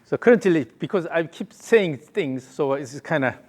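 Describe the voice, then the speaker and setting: A man's voice: on the high side, lively intonation, moderate pace. A male golf coach giving a hands-on lesson, calling short repeated cues and humming the count and rhythm.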